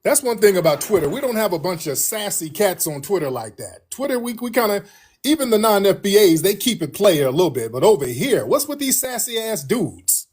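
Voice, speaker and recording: A man's voice: high-pitched, sing-song, a little fast, a little mellow, husky. A man hosting a livestream in casual chat, telling stories in a slangy, laid-back way. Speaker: livestream host.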